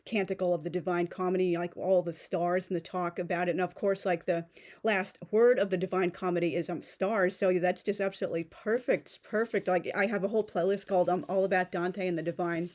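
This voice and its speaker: Woman vlogger, slightly low voice; chatty, gushing, a bit nervous, lots of fillers. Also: fairly even intonation, a little mellow. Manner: talks fast, a little nervous on camera; gushing, enthusiastic. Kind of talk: casual unboxing vlog.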